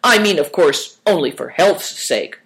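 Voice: medium pitch, lively intonation, a little slow, a bit bright. A storybook reader voicing a fussy old man who bewails and scolds. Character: greedy old man host, fussy and whining.

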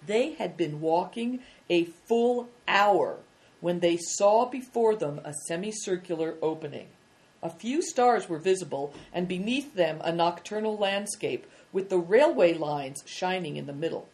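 A woman narrating a children's story in a measured, expressive reading. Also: lowish voice.

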